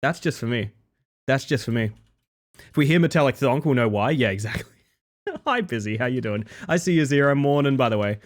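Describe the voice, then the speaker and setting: Medium in pitch, animated and fairly quick, this young streamer is slightly ill, which leaves his voice a bit off. He trades jokey, playful banter with his audience and calls out viewers by name.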